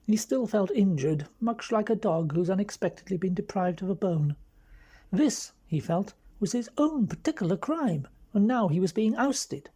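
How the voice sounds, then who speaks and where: A woman with an English accent reading a mystery novel aloud in a measured, wry way. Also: medium pitch, lively intonation, warm tone, slightly rough. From London. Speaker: audiobook reader. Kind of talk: scripted narration.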